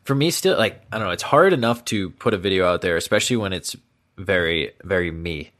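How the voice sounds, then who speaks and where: A man's voice: deep voice, expressive, fairly quick, a bit bright. A young man co-hosting a podcast, chatting casually and reflecting on putting himself out there. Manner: giggly banter, then reflective. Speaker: podcast co-host. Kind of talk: casual chat.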